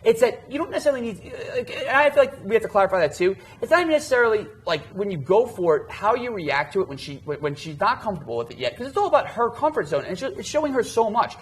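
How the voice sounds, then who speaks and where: A man co-hosting a dating podcast, chatting casually and telling stories in an animated way, full of filler words. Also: high-pitched, fast talker, hardly any pauses, breathy edge. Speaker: dating coach podcast co-host.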